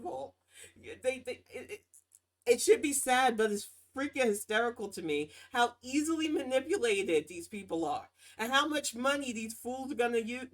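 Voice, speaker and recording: A woman hosting her own show, ranting in casual political commentary with a sarcastic, mocking tone and lively swings in pitch and loudness. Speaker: podcast host.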